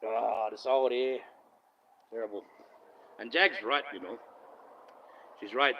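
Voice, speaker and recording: A man's voice: mid-range voice, unhurried, recorded from a distance, lo-fi sound, a little hiss or hum. A man hosting a casual live stream into his phone, rambling, swearing freely and laughing often. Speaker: livestream host. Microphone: phone camera.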